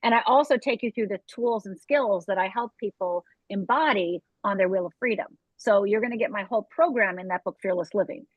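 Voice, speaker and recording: A woman's voice: mid-range voice, no echo. A woman life coach from Upper Michigan speaks candidly in an interview, turning to the listener with frequent asides. Her voice arrives thin and tinny, like a phone line, with no room sound around it. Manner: candid, direct storytelling with audience asides. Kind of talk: interview guest telling her story.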